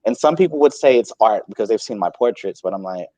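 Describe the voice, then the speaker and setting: A man who is a guest in a casual interview, answering in a modest, self-deprecating way with quick asides. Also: fairly low pitch, lively intonation, warm tone, dry recording, low-quality recording.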